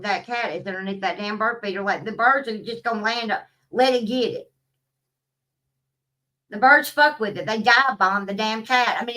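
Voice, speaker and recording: A woman's voice: on the high side, bright, forceful tone, distant mic, poor audio. A woman, talking in a blunt, profane, casual vlog rant and laughing at her own stories. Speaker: vlogger. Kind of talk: casual ranting monologue.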